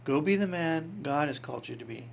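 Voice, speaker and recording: A man in his sixties, a priest, telling a personal story in an interview, animated, acting out voices and laughing often. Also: fairly high pitch, a little fast, vocal fry, lo-fi sound, a little hiss or hum.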